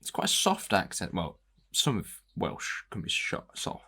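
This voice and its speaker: A man's voice: low voice, wildly swooping pitch, unhurried, sharp tone. A young man hosting a podcast, chatting casually through a commentary track, laughing often and restarting his sentences. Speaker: podcast host.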